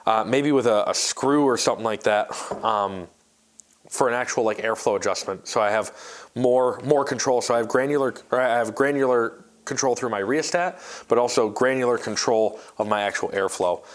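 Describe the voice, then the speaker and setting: A man's voice: mid-range voice, normal speed. A man vlogging a workshop build in a casual, rambling way, often stumbling and restarting his sentences. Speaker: maker vlogger.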